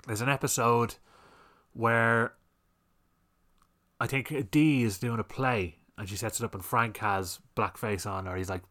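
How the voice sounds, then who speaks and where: A man's voice: medium pitch, steady tone, unhurried, pauses often, pushed and bright. A man hosting a solo podcast, ranting heatedly and swearing often as he complains. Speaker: podcast host.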